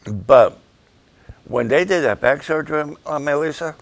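An older man, a pastor, giving an emotional, halting update and prayers for his ministry partners. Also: mid-range voice, no echo. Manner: emotional, halting, slow and gravelly.

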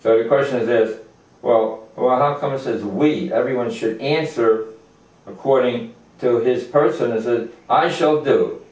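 An older man teaches a Torah lesson at an unhurried pace, stopping often to search for words and restart. His voice reaches the mic from a distance in a roomy, echoing space. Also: medium pitch, a little mellow. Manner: halting, many fillers and restarts. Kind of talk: informal religious lecture. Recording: echoey room, distant mic.

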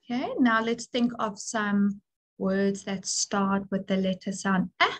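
A woman teacher giving an early literacy lesson to young children, speaking clearly and encouragingly with call-and-response prompts. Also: mid-range voice, fairly even intonation, a little slow, low-quality recording.

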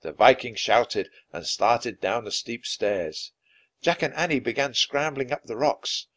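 A man reading a children's adventure book aloud, expressive and dramatic. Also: mid-range voice, a little slow. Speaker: storyteller.

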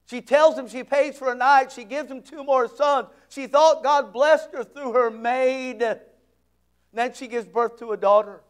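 A man preaching a sermon as pastor, conversational and joking, swinging between loud and hushed. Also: extremely high pitch, steady tone, a little slow, smooth.

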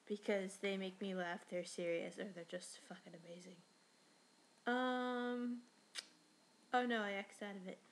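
A teenage girl from New York talking casually in a rambling, chatty way, swearing now and then. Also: medium pitch. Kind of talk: casual voice meme monologue.

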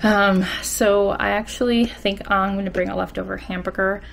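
A woman's voice: mid-range voice, fairly even intonation, normal speed, creaky, a bit bright, a little hiss or hum. A woman in her thirties chatting casually at home for her vlog, with frequent laughs and fillers. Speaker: vlogger, teacher. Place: home, indoors.

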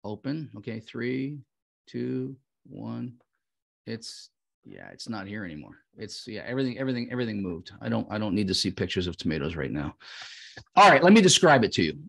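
A man hosting a livestreamed prayer show, proclaiming decrees loudly and fervently and then chatting casually, heard through his own microphone on a video call. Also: lowish voice, expressive, fairly quick, vocal fry. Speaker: host and prayer leader.

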